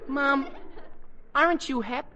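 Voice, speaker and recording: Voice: high voice, takes it slowly, bright, forceful tone, lo-fi sound, a little hiss or hum, full character voice. An actor playing an eager, slang-loving teenage boy in 1940s radio acting. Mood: slangy.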